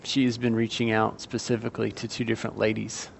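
A man leading a church service as pastor, reading scripture aloud in a steady, measured way. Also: on the low side, vocal fry, slight background noise. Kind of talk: sermon.

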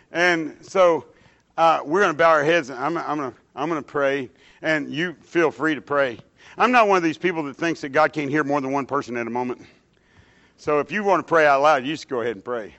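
High, bright-voiced fervent preacher man. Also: a little fast. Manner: fervent, rises loud on quoted scripture, drops soft and low in prayer; casual asides like "dude" and "hey, man". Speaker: preacher leading a church service. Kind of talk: sermon and spoken prayer. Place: church sanctuary with a standing congregation.

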